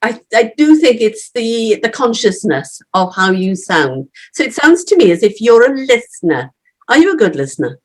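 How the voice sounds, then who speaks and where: A woman hosting an interview over a video call, her full of rising and falling pitch. She asks her questions with an easy, expressive warmth. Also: moderate pace. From Wales. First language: Welsh. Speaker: host. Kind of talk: casual interview chat.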